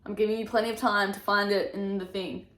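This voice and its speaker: A young woman chats excitedly about books she loved, gushing and laughing as she goes. Her voice sits at a middle pitch for a woman. The room around her gives a clear echo. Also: quick pace. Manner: gushing, animated, laughs often. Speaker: book vlogger. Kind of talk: casual book review vlog. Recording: echoey room.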